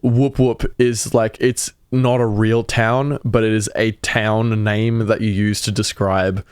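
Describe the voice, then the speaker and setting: A man's voice: fairly low pitch, little pitch movement, takes it slowly, smooth, no room sound, studio quality. A young Australian man with an Australian accent, chatting casually and swearing freely as he explains slang. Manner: laid-back, swears casually, laughs often. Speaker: podcast guest explaining slang. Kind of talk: casual chat.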